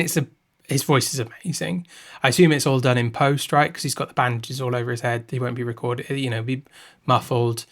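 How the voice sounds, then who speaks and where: A man in relaxed conversation on a film podcast, talking at a mid pitch. He thinks aloud and restarts his sentences, keeping an easy, casual tone. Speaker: podcast co-host.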